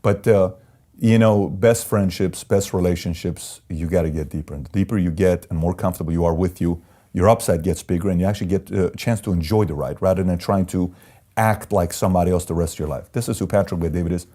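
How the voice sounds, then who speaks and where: A guest from Iran, speaking low and quickly, tells frank stories from his own life during an interview. He brings them to life by performing the voices of those he quotes.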